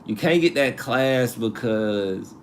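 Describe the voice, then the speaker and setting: A man's voice: mid-range voice, takes it slowly. A man hosts a live stream in loose, slangy chat, answering viewers' comments as he reads them. His voice sits in the middle range, and he repeats and rephrases himself often. A faint noise hums behind him. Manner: animated, repeats himself, slangy asides and laughs.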